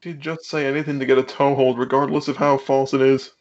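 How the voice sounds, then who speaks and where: A man's voice: medium pitch, level tone, fairly quick, lo-fi sound, background noise. A man co-hosting a stream, arguing in an exasperated, profane, reasoning tone over a voice call. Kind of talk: casual stream argument.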